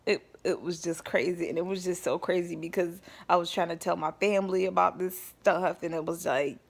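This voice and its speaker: Here a woman with a fairly low, creaky voice casually wanders through a story from her own life for her vlog. Every so often she asks after her listeners, calling them y'all.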